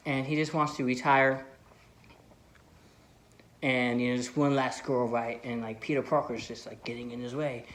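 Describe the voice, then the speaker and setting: A man's voice: medium pitch, steady tone, moderate pace, pauses often, a bit bright. A man vlogging casual movie commentary, rambling enthusiastically with lots of "like" and "you know". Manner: enthusiastic fan. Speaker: film vlogger.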